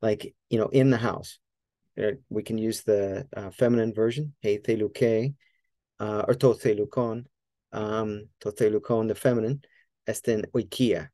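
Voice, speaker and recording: A man giving a casual spoken Greek lesson, thinking aloud with many fillers and repeating Greek words slowly as he models them. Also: on the low side, fairly even intonation, warm tone, dry recording. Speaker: Greek teacher.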